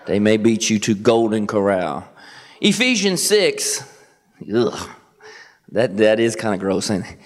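A middle-aged man from Kentucky with a Southern accent, preaching as a guest pastor, joking and swinging his pitch up for emphasis. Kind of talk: sermon. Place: church sanctuary. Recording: long church reverb.

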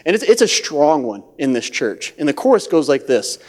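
Animated high-voiced male preacher in a reverberant hall. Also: moderate pace. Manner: dynamic preaching, swinging between hushed lows and loud high acted voices. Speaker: pastor. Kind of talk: sermon. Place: church.

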